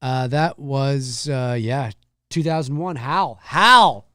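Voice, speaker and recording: His voice is a little mellow, captured in studio quality with no echo. As host of a live-streamed talk show, he chats casually through viewer comments in a rambling way full of restarts and repeats, now and then dropping into low, slow impressions or high squeaky mimicry.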